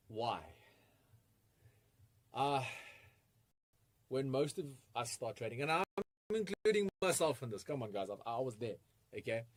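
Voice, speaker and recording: A man presenting a live online trading masterclass, energetic and full of rhetorical questions, with frequent chuckles. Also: mid-range voice, dry recording.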